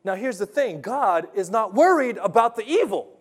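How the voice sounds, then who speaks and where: A man preaching a sermon, telling a story with lively swings between loud, punchy lines and hushed, earnest ones. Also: high voice, moderate pace, slightly rough. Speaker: pastor.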